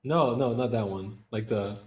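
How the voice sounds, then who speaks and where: A man in game voice chat, excitable and swearing often as he calls out the action. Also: lowish voice, moderate pace, reverberant, far from the mic, slight background noise. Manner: excitable, swears often, talks over others. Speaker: gamer. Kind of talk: voice chat during online game.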